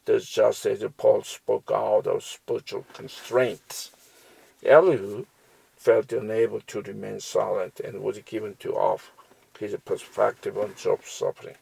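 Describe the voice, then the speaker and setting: Man, Bible study reading, husky voice, dry close sound. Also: on the low side, level tone, a little slow, a little mellow, no room sound, low-quality recording. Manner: reads verses aloud, then explains them with fillers and restarts. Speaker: Bible teacher. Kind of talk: slow scripture reading and commentary.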